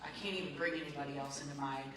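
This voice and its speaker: A woman's voice: sits low, steady tone, racing. A woman sharing her recovery story at a support meeting, emotional and rambling with lots of "like" and "man". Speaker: recovery group member. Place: meeting room. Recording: very echoey room, voice far from the mic, background noise.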